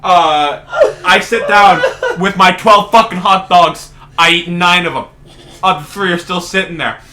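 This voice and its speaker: A man's voice: sits high, unhurried, sharp tone. A young man co-hosting a casual podcast, rambling and swearing as he tells stories, often laughing through them. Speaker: podcast co-host.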